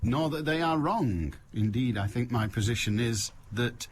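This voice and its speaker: A man's voice: mid-range voice, animated, a little slow, a little hiss or hum. A man hosting a call-in radio show, chatting in a wry, rambling way full of joking asides. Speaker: radio phone-in host.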